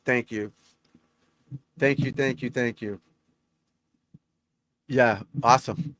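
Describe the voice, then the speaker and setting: A man's voice: medium pitch, a little slow, long pauses, a bit bright. A middle-aged man, a golf instructor, chatting on a live stream, reading out scores and talking to viewers in a rambling, talkative way.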